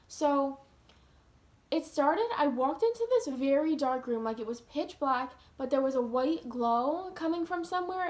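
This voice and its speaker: A woman's voice: high voice, darkish tone. A young woman vlogger telling a personal story to her viewers in an earnest, casual way, full of "like" fillers. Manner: earnest, heavy use of "like".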